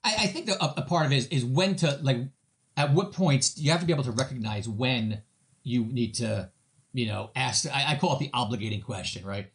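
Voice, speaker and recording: A man's voice: medium pitch, brisk. A man talking as a sales trainer in a casual interview, telling stories and acting out other people's voices with lots of restarts. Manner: animated storyteller, acts out voices of customers; many fillers and restarts.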